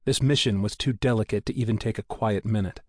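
A man reading a thriller audiobook aloud in a steady, measured storytelling manner, close to a studio mic. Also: fairly low pitch, no room sound. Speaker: audiobook narrator. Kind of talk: scripted narration.

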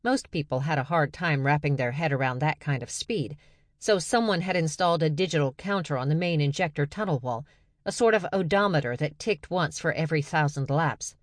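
A woman narrating a science fiction story in a steady, measured way. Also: sits low, no echo, studio quality. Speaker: audiobook narrator. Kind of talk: scripted narration.

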